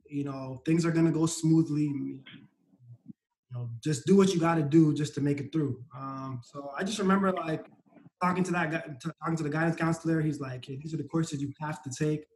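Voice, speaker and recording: A man who is a sprinter, a guest in a casual conversation, thoughtfully recalling his past with many pauses. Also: on the high side, fairly even intonation, darkish tone, reverberant, a little hiss or hum, low-quality recording. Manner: reflective, hesitant with many ums.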